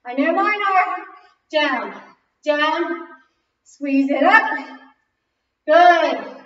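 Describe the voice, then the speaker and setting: Breathless high-voiced woman leading kickboxing. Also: very slow. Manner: energetic counting and cueing while exercising. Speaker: fitness instructor. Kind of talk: kickboxing class instruction. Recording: very echoey distant lo-fi recording.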